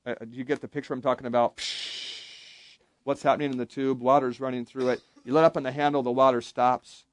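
A man's voice: medium pitch, flat delivery, fast, dry recording. A man giving an interactive Bible lesson to young campers, asking the group questions and leading them in call-and-response. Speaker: camp Bible teacher.

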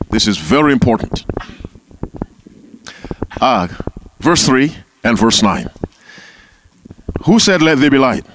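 A man's voice: medium pitch, a little hiss or hum. A man leading an interactive Bible class, calling on members by name and repeating key phrases. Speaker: Bible teacher.

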